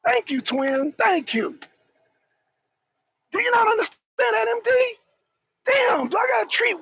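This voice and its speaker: High-voiced, gravelly man ranting. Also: very animated, measured pace, long pauses. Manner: loud, profane, mocking rants. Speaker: talk show panelist. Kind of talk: heated live-stream commentary. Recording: dull, dry lo-fi sound.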